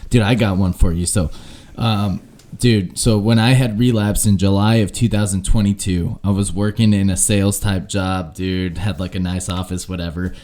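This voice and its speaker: A man's voice: low voice, fairly even intonation, normal speed, a little mellow. A man co-hosting a casual recovery podcast, talking in a laid-back, swearing way and using "dude" a lot. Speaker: podcast co-host. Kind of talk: casual chat.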